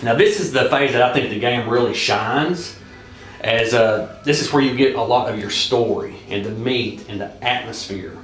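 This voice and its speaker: A man with a Southern US accent casually walking through a board game's rules, halting often with filler sounds and restarts. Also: medium pitch. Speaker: board game reviewer. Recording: echoey room.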